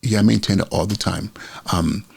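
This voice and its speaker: A middle-aged man talks through his podcast in an unscripted, conversational way, pausing on fillers and restarting sentences. His voice sits low and is deeply gravelly. It also carries a husky roughness throughout. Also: fairly even intonation. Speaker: school principal and podcast host. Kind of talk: casual solo podcast talk.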